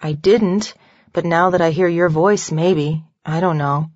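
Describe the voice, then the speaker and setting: A woman's voice: on the low side, a little slow, darkish tone, dry recording, natural voice. A woman narrator voicing a weary, frank professional woman in an audiobook, with a blunt, wry delivery. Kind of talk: audiobook dialogue. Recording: dull lo-fi dry recording.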